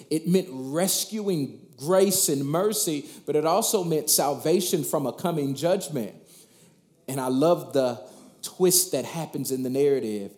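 A man's voice: fairly high pitch, a little mellow, reverberant. A man preaching a sermon as pastor, emphatic, asking rhetorical questions and often repeating words as he builds.

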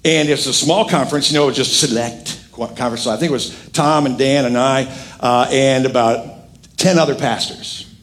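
A middle-aged man preaching a sermon as pastor, animated and emphatic with frequent jokes. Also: mid-range voice, normal speed.

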